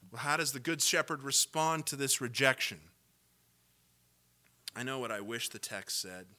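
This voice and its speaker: Bright-voiced man preaching with passion. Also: medium pitch, unhurried. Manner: impassioned preaching, sarcastic asides, builds to loud climaxes. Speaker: pastor. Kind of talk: sermon.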